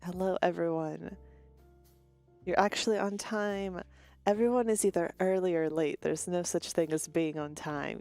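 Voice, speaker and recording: A woman with a slightly low voice chats casually with her stream viewers. She greets them one by one and drifts off her train of thought now and then. Faint music plays behind her. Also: fairly even intonation, a little slow, darkish tone. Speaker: virtual streamer.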